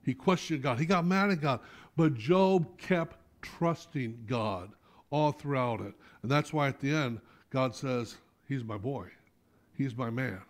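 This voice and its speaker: A middle-aged man preaching a sermon as pastor in a church, animated, rising to loud appeals and dropping to soft asides. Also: mid-range voice, unhurried. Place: church sanctuary.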